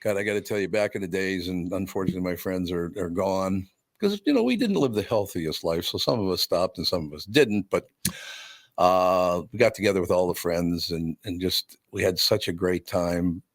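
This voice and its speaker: An older man hosting a radio talk show in a studio, swapping wry stories with a chuckle. His voice sits low and gravelly, and the sound is dry and close. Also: moderate pace, dry recording. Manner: storytelling, wry, chuckles often. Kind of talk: casual chat.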